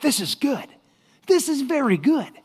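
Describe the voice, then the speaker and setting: Brief: upbeat, unshakable servant, high bright voice, as a man puts him on. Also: big pitch swings, measured pace, in a large hall, full character voice. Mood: cheerful. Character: cheerful loyal servant, grown man, unshakably positive.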